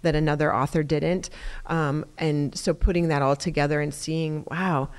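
A woman's voice: deep voice, steady tone, normal speed, clean tone. A woman hosting a church podcast, talking in an encouraging, affirming way. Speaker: podcast host. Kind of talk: casual conversation.

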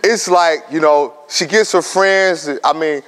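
Talking a little slowly, a guest speaker in his thirties delivers a motivational speech to high school students in a large hall with long reverb. He tells animated stories, acts out what others said, and banters with listeners.

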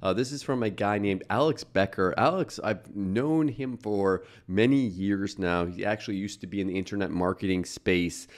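A man with a very low voice talks casually through a video he is reacting to. He chats along with plenty of "uh" fillers, as a host speaking to his viewers. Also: normal speed, few pauses. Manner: chatty, with frequent "uh" fillers.

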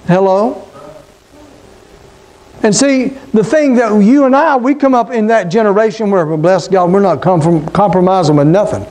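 This is a middle-aged pastor, preaching in a high-pitched voice. He keeps it conversational, tossing questions and call-outs to the people in front of him. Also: moderate pace, a little mellow. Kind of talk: sermon.

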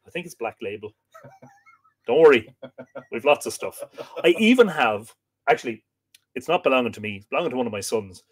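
Irish man, casual live-stream host, jokey, animated intonation. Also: mid-range voice, brisk, long pauses, slightly rough. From Ireland. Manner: jokey, laughing often, lively storytelling. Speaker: podcast host.

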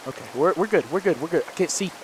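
A man's voice: a little high, lively intonation, quick pace, very noisy. A young man doing let's play commentary through a horror game, panicking, swearing and repeating himself. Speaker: gaming video host.

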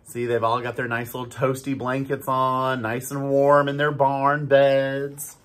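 A school staff member reading a storybook aloud to children, animated and stopping to ask them questions. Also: medium pitch, a little slow. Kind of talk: storybook read-aloud for kids.

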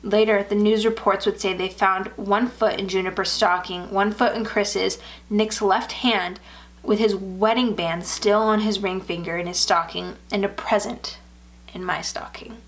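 A woman narrating a first-person horror story in a steady, measured reading. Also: mid-range voice.

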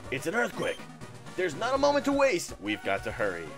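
A man's voice: medium pitch, very animated, normal speed, lightly acted. A man reading as an urgent gym leader ally. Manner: urgent, reading game text aloud. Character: earnest adult male gym leader ally. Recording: video game music underneath. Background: game music.

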